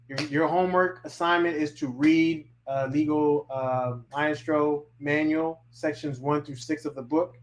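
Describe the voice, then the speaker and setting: A man teaching on a livestream, with lots of fillers and restarts. His voice sits a little high for a man. He talks straight to his students and keeps circling back to the same point. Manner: informal, repeats himself, frequent fillers. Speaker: course instructor. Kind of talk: casual livestream lecture.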